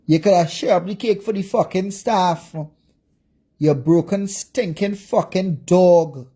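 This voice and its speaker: A woman with a Jamaican accent vents angrily on a livestream as a social media commentator, constantly cursing and throwing out profane insults. She speaks a little slowly in a lowish, warm voice with a slight roughness.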